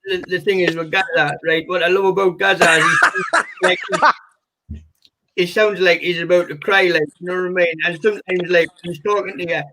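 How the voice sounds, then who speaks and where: A man's voice: sits high, fairly even intonation, moderate pace, noisy background. A man guesting as an impressionist, chatting casually over a video call in a rambling way, leaning on fillers like "you know".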